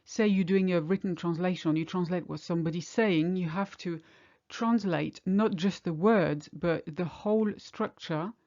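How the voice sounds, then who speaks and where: A woman with a French accent, a native French speaker, teaching an online lesson and explaining examples slowly and clearly. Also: fairly low pitch, darkish tone, highs cut off.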